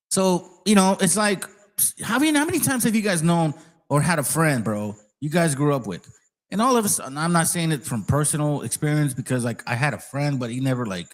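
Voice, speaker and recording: A man's voice: medium pitch, rough recording. A man in an ordinary mid-range voice comments on clips. He talks bluntly and casually and swears freely. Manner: profane, blunt and street-casual. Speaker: channel host. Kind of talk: reaction commentary.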